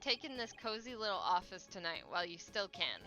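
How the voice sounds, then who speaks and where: A sleazy, gloating male TV producer, put on by a woman reading game lines mocks his rivals in slangy, needling phrases. The voice is bright and forceful. Faint music sits underneath. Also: on the low side, sing-song, brisk, exaggerated voice. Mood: taunting. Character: smug, mocking male TV producer. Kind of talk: voicing game dialogue.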